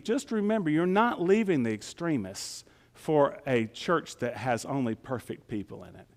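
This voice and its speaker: A male pastor preaching with a folksy, conversational touch and frequent rhetorical questions. His voice sits a bit high and swings widely in pitch. Long reverb from a big church sanctuary hangs behind him. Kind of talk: sermon.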